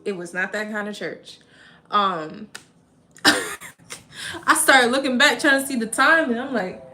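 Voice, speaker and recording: A young woman from Minnesota, hosting a casual livestream and telling a story in an animated, slangy way with bursts of laughter. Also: a little high, slow, a little hiss or hum. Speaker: livestream host. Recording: music playing behind.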